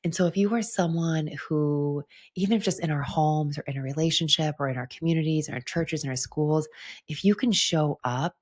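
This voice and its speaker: Young woman podcast host, low and husky, earnest and reflective, casual filler-heavy delivery. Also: fairly quick. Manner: earnest, heartfelt, with frequent "like" fillers. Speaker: podcast host and retreat leader. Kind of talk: reflective solo podcast monologue.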